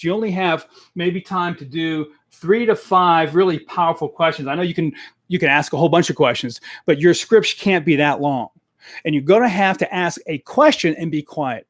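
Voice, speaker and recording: A man coaching salespeople in a live stream, talking straight into a desk microphone in a direct, energetic way and repeating his key points. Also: a little high, no room sound, studio quality.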